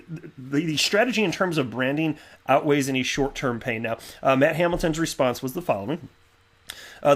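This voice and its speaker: A man hosting a casual commentary video, chatty and animated with lots of fillers and restarts. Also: medium pitch. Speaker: crypto video host. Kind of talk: casual commentary reading tweets.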